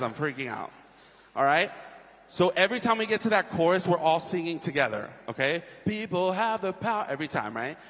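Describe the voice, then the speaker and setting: A man on a concert stage teaching an audience a sing-along, energetic and encouraging. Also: on the high side. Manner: energetic and encouraging, shifts between coaching talk and singing. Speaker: audience singing leader. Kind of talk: leading a crowd sing-along rehearsal. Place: large concert hall with balcony. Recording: live hall with piano accompaniment. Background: piano.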